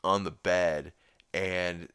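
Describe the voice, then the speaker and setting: A man's voice: sits low, steady tone, extremely slow, pushed and bright, clear, resonant tone. A man hosting a podcast, recapping a cartoon episode in a rambling, profane, laid-back way. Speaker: podcast host.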